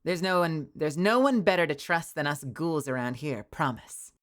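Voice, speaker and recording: A woman voicing a sly, streetwise ghoul who coaxes a stranger into a shady friendship in a smooth-talking way. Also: sits low, normal speed, natural voice. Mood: coaxing.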